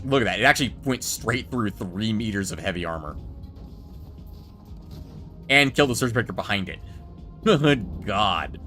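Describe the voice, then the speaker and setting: A man giving relaxed, chatty commentary while playing a building game, joking with his chat as he goes. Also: on the low side. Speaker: gameplay streamer.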